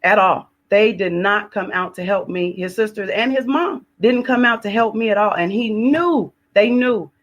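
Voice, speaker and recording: A woman's voice: mid-range voice, normal speed, few pauses, highs cut off. A woman relates a personal testimony with heavy emotion. She repeats phrases for weight and acts out her own pleas and prayers as she goes. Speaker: guest sharing her testimony.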